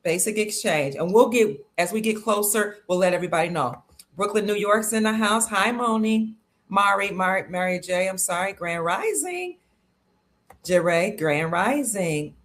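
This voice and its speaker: A woman's voice: medium pitch, lively intonation, moderate pace, a bit bright. A woman from Cleveland, Ohio, hosting a casual livestream, chatty and upbeat as she greets viewers and reads out their comments. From Cleveland, Ohio, USA. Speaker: livestream host.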